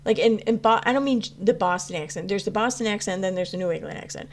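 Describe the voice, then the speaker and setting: A woman's voice: mid-range voice, fast. A woman talking loosely on a livestream, trailing off and restarting her sentences as she answers chat. She swears freely and breaks into laughter. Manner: rambling, restarts a lot, swears, laughs often. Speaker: commentary channel host reading live chat. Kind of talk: casual livestream commentary.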